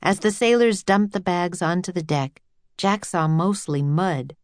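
A woman's voice: lowish voice, unhurried, no echo, studio quality. Woman narrating a children's audiobook.

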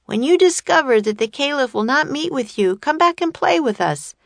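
A woman reading a storybook and voicing a curious, teasing young boy who calls out loudly. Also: high-pitched, lively intonation, moderate pace, vocal fry, dry recording, pitched above the performer's own voice. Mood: calling. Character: playful, curious curly-haired boy.

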